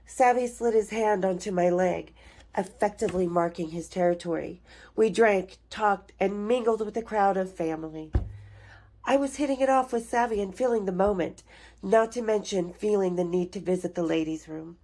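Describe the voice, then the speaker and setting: Mellow-voiced woman reading her memoir. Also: medium pitch, normal speed. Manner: frank, playful, breaks off to talk to viewers. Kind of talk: memoir reading with chatty asides.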